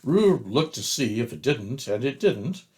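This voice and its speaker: An older man reading a children's book aloud, narrating slowly and gently. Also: medium pitch. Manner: slow, gentle, expressive narration. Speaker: storyteller.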